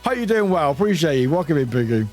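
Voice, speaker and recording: A man with a British accent talks through a live game stream in a high, very animated voice that leaps all over the place. He laughs often, swears freely and bursts into shrill shouts. Soft music plays quietly behind him. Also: quick pace. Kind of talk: casual live-stream chat while playing.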